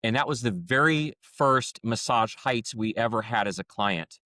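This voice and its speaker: A man's voice: mid-range voice, moderate pace, dry recording. A man hosting a podcast, telling a story in a casual, chatty way and acting out the dialogue. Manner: chatty, acts out quoted dialogue with lively voices. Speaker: podcast host.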